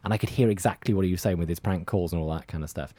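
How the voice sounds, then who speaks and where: Deep-voiced chatty man. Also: racing, dark tone, dry recording. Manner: chatty, rambling with many repeated words. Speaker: hospital radio presenter. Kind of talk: casual radio interview chat.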